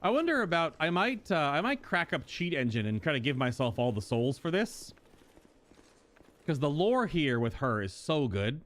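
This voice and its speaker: A man hosting a casual gameplay commentary, thinking out loud and bursting into exclamations. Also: on the high side, very animated, moderate pace. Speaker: gaming host.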